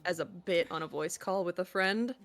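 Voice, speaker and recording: Lower-voiced chatty woman. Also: moderate pace, fairly bright tone. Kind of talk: casual chat while gaming on stream.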